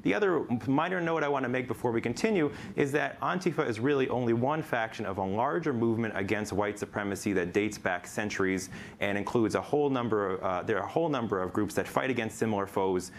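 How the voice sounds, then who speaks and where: A man, a guest author and lecturer, answering interview questions in a measured, academic way with frequent fillers. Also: mid-range voice, a little hiss or hum.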